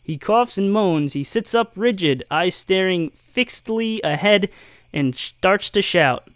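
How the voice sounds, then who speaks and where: A man's voice: high-pitched, lively intonation, a little slow, no echo. A man reading an adventure gamebook aloud as game master, with jokey asides.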